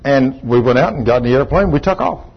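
A man's voice: mid-range voice, animated, quick pace, breathy edge. A pastor in his sixties preaching a sermon, telling folksy, joking stories about his marriage. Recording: dull lo-fi recording.

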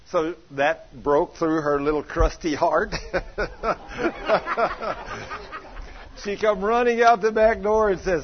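Folksy preacher man, husky voice. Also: sits high, a little slow. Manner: folksy, colloquial, bursts of loud emphasis. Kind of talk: sermon with personal storytelling. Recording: dull lo-fi sound.

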